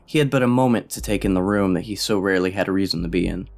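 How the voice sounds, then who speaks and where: A man narrating an audiobook in a steady, plain way. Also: deep voice, rapid-fire, gravelly.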